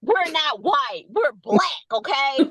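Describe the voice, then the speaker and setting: A woman, a nurse, ranting bluntly and profanely in casual chat, loud and animated. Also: high-pitched, slow, over a noisy crowd. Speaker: nurse, guest.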